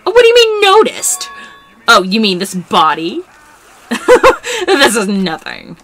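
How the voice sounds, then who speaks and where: A woman's voice: mid-range voice, lively intonation, measured pace, music in the background. A woman reading the lines of a cocky man reborn as a robot, in a boastful, proclaiming way.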